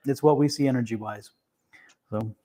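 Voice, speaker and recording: A man's voice: mid-range voice, normal speed, mellow. A man hosting a tarot reading show, telling stories casually with many restarts and laughs. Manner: rambling storyteller with many restarts and fillers; laughs easily. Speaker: tarot reader and show host. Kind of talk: casual live-stream chat.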